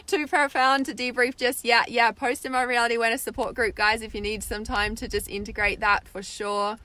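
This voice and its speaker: A woman's voice: fairly high pitch, little pitch movement, fairly quick, pushed and bright. A young woman, hosting a spiritual livestream and chatting casually as she reads viewer comments, with lots of "like" and "right?". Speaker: spiritual meditation host reading live comments.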